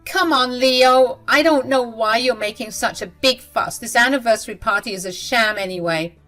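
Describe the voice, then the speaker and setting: A woman voicing a scheming, spiteful mother-in-law who talks in a shrill, indignant way. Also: normal speed, a bit bright, faint music behind, natural voice. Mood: irritated.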